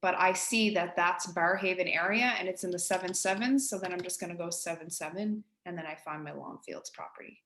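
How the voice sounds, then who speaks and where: A woman with an East Coast Canadian accent, a real estate agent giving colleagues a casual, direct software tutorial. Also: lowish voice, brisk, few pauses, reverberant. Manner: chatty, direct, addresses listeners as guys.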